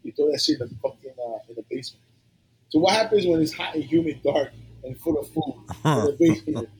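A middle-aged man with a deeply husky, grainy voice, pitched a bit high for a man. He tells stories casually in a podcast chat, swearing freely and wandering through fillers. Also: quick pace, a little mellow, rough recording. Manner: loose, profane, rambling with many fillers. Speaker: guest HVAC technician.

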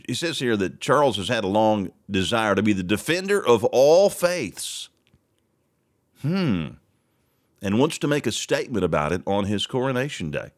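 A man hosting a casual morning talk show, reading news items aloud and rambling through his own asides with the odd chuckle. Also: fairly low pitch.

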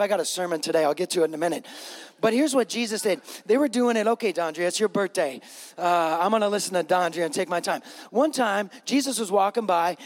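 A male pastor with a high voice delivers an earnest sermon, circling back to key phrases and speaking straight to his congregation. His voice rings out with a long reverb, as if from a large hall. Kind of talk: sermon retelling a gospel story.

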